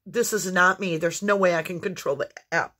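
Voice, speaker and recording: A woman's voice: on the low side, steady tone, moderate pace, sharp tone. A woman giving an intuitive tarot reading to viewers, earnest and exclamatory, with fits of coughing. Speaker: tarot reader.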